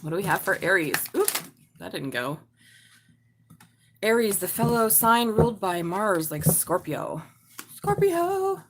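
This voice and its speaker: A middle-aged woman talks through a live tarot reading, loose and chatty. Her voice sits a little low, and she swears casually and laughs easily as she goes. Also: lively intonation, a little slow, long pauses, background noise. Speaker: tarot reader.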